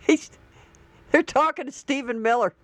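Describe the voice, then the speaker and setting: A woman's voice: high-pitched, measured pace, fairly bright tone, a little hiss or hum. Sarcastic woman reacting to online posts. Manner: incredulous, sarcastic asides; reads posts aloud and laughs. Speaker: online commentary host. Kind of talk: reacting to social media posts.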